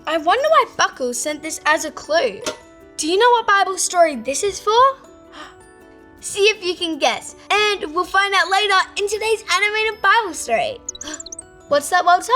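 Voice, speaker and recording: A woman hosting a children's show, excitable and gasping with wonder. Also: extremely high pitch. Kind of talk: upbeat kids' presenting.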